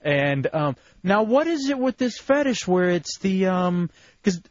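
High, lively-voiced joking male radio host. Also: measured pace, no echo, highs cut off. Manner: jokey and teasing, laughs often. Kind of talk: loose, crude radio banter.

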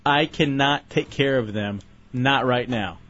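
A man's voice: mid-range voice, a little slow, a bit bright. A man in his late twenties hosting a casual radio show, playful and scolding in turn. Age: 20s. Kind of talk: casual on-air chat. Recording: dull lo-fi radio audio.

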